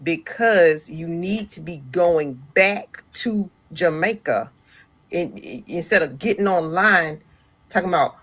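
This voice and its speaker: A woman's voice: on the low side, expressive, slow, fairly bright tone. A woman in an online clip speaking insistently, lecturing her listeners. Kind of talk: online video commentary.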